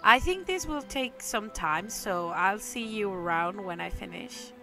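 A woman's voice: medium pitch, expressive, unhurried, over music. A woman hosting a let's play, chatting casually with hesitant ums and self-deprecating remarks. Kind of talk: casual game commentary.

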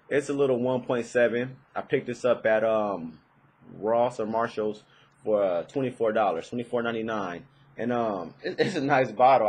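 A man's voice: fairly low pitch, slight background noise, poor audio. A young man giving a casual, rambling fragrance review, with many fillers and restarts.

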